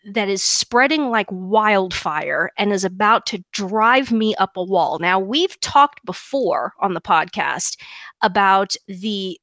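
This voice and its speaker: A woman's voice: medium pitch, a bit bright, dry recording. A woman co-hosting a podcast, ranting indignantly and emphatically, often restarting and repeating words. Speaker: podcast co-host. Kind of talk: opinionated podcast rant.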